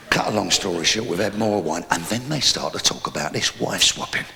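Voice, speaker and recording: A man with a London accent doing a live stand-up routine, telling crude stories in a brash way and shouting his punchlines. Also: deep voice, creaky, big-room sound, a little hiss or hum. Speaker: stand-up comedian. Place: live comedy venue.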